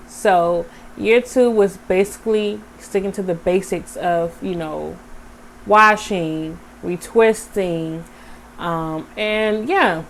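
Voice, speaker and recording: A young woman vlogger telling a casual, animated story straight to her viewers. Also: mid-range voice, slow pace, a little hiss or hum. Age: young adult.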